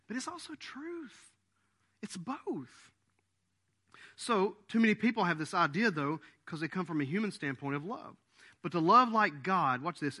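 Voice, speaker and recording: A middle-aged man preaches with bright, piercing energy, his pitch riding high and swinging widely from phrase to phrase. He punches key words, acts out silly quoted voices, then sinks low and quiet to land a point. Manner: animated, emphatic preaching with mock quotes and sudden drops to a low voice. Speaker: pastor. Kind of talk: sermon.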